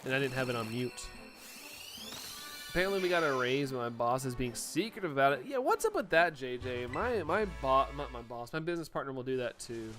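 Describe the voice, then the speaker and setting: A man's voice: medium pitch, animated, a little fast, music in the background. Chatty, giggly young male streamer. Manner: chatty, laughs often, reacts to chat messages. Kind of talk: casual live-stream chat.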